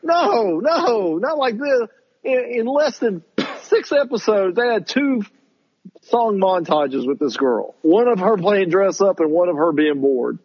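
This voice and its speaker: A man co-hosting a podcast, ranting in casual chat about a show he disliked and mocking it in a high voice. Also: sing-song, a little slow, breathy edge, dull audio. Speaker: podcast co-host reviewing shows.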